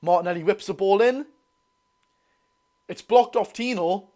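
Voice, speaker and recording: A young man with a Geordie accent giving excitable, bantering live commentary on a football match while reading out viewer comments. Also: high voice, unhurried. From North East England. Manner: excitable, banter-filled, reads chat aloud. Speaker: football channel host.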